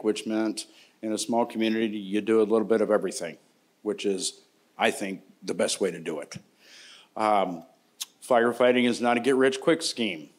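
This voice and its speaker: A middle-aged man from Indiana, a longtime paramedic, speaking on a conference panel in a casual, joking storytelling way. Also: lowish voice. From Indiana, United States.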